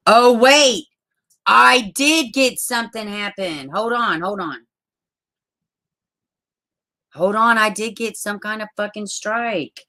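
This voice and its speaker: Woman streamer, bright tone, loose casual chat, swears freely. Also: medium pitch, animated, takes it slowly, pauses often. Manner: frustrated, swearing, ranting. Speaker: true crime livestream host.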